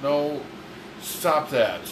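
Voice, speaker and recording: A man's voice: fairly high pitch, expressive, extremely slow, slight background noise. A man co-hosting a podcast, teasing and bickering with his partner and swearing now and then. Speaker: podcast co-host. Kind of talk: casual argumentative chat. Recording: echoey room with humming air conditioner.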